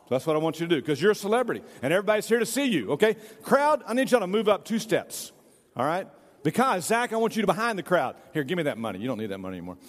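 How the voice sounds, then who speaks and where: A man's voice: sits high, sing-song, very fast. A man, a pastor giving a sermon in a church, reading scripture and then playfully directing volunteers in a skit. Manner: playful, jokey, hurries volunteers along. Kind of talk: sermon with a staged reenactment. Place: church sanctuary. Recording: reverberant church hall.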